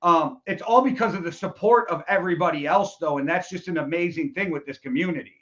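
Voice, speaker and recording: High-voiced podcast co-host, lo-fi sound. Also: male voice, fast, sharp tone. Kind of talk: casual podcast chat. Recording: dull lo-fi audio.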